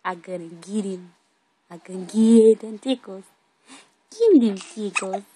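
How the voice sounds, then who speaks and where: A woman's voice: medium pitch, a little slow, dark tone, husky. A woman voicing her own baby boy, a playful hiccuping little one who talks in babyish broken grammar.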